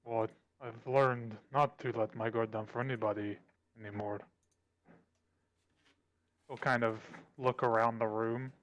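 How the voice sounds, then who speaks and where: A man playing a tabletop game, talking for his character in an easygoing, relaxed way. His voice is of ordinary middle pitch. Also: measured pace, pauses often, lo-fi sound. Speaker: player.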